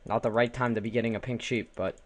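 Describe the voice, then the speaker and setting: A man's voice: medium pitch, flat delivery, fast talker. A young man casually commenting on his own game, joking, exclaiming and chanting silly repeated words at the animals. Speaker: gaming channel host. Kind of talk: casual let's play commentary.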